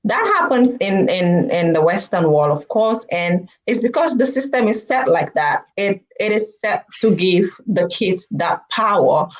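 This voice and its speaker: A woman's voice: mid-range voice, measured pace, few pauses, low-quality recording. A woman vlogger telling a story and giving her views to camera, acting out the people in it. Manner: animated, acts out quoted people.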